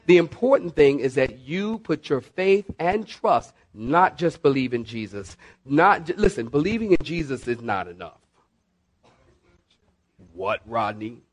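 Emphatic preacher, fairly high male voice. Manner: emphatic, repeats "listen" and "saints", varies pace sharply. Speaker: pastor. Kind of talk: sermon.

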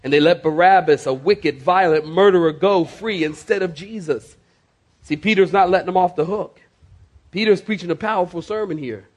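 A male pastor, preaching a sermon to his congregation with emphatic, slowly stressed words. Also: high voice. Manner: emphatic, dramatic slow stresses, addresses the congregation. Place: church before a congregation.

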